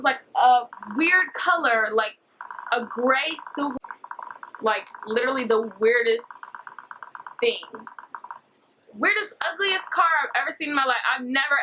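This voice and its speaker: A woman's voice: high-pitched, background noise. A young woman rambling through a story-time vlog, full of fillers. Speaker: vlogger.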